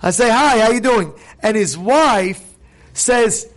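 An animated man preaching as a rabbi, his voice sitting unusually high for a man. He tells stories in a lively, conversational way, acting out the voices of the people in them and putting questions to the listeners. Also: moderate pace. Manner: animated storyteller, acts out voices, asks audience questions. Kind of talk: informal sermon with stories. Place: synagogue event hall.

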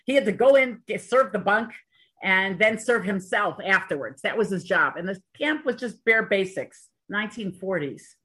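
A woman's voice: medium pitch, lively intonation, normal speed, a bit bright, slightly rough. A woman giving an earnest storytelling Torah talk, mixing in Hebrew and Yiddish terms with chatty asides. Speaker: Torah teacher.

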